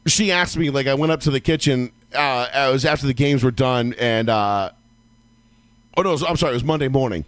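A man co-hosting a casual sports talk show, telling a long story in a loose, profane way and breaking into yelling when he acts out his own outbursts. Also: mid-range voice, fairly quick, dry recording. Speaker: podcast co-host.

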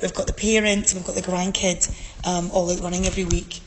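A woman's voice: on the low side, little pitch movement, a little fast, long reverb tail, slight background noise. Chatty Scottish woman, outdoor interview. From Scotland. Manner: chatty, with many fillers. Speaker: guest event organizer. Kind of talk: casual interview.

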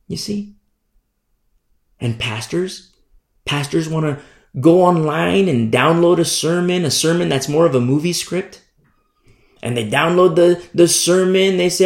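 A man preaching a sermon as pastor, hammering his points by repeating them and swinging between loud and hushed. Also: a little high, lively intonation, normal speed. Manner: emphatic, repetitive preaching with sharp swings in loudness. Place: church room. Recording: roomy echo.

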